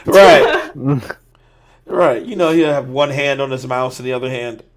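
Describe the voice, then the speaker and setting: A man's voice: medium pitch, unhurried. A man hosting a podcast, ranting with a lot of swearing in casual chat. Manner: profane, ranting. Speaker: podcast host.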